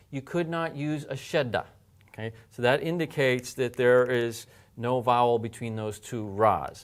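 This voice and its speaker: Male teacher, middle-pitched voice, patient and explanatory. He repeats example words slowly. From English-speaking. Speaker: language teacher. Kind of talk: recorded lesson.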